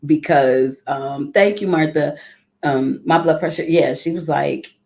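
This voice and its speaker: A woman's voice: deep voice, a little slow, gravelly, darkish tone. A woman leading a live morning devotional, speaking in a heartfelt, conversational way and greeting viewers by name. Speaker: ministry leader.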